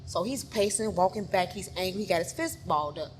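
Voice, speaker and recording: A woman telling an emotional personal story, acting out each scene and swinging from hushed to loud. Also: fairly low pitch, fairly quick, breathy edge. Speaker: photographer telling her story.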